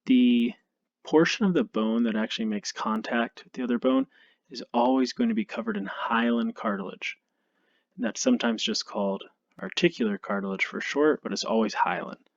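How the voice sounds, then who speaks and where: Over slides, a male anatomy instructor lectures at normal speed and medium pitch in a muffled recording with no room sound. Worn out and yawning, he thinks aloud casually, pokes fun at himself and says um a lot.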